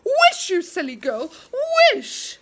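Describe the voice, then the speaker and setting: A woman voicing Moonface, a boy figure in a storybook who shouts in a shrill, frantic way. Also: huge pitch swings, takes it slowly, slight background noise, heavily acted.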